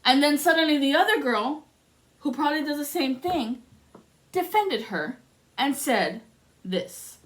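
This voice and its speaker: A woman's voice: high-pitched, expressive, a little slow, long pauses, fairly bright tone. A woman speaking as a spiritual reader in a passionate, profane rant to her viewers. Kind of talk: emotional monologue to camera.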